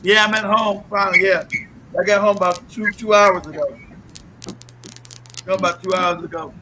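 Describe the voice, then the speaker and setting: A man's voice: high voice, steady tone, moderate pace, background noise. A man hosting a casual live talk show, joking and teasing with lots of laughter.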